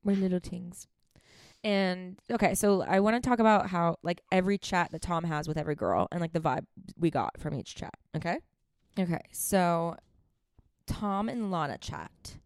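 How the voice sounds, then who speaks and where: A woman's voice: on the low side, clear, resonant tone, no echo, studio quality. A young woman co-hosting a podcast, chatting in a rambling, giggly way. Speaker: podcast co-host. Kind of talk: casual chat.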